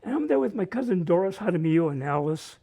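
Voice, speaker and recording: Gravelly older man telling funny family stories. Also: sits high, sing-song, quick pace, warm tone. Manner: self-mocking, laughs through his stories. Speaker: storyteller. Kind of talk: open-mic personal storytelling. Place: library event room.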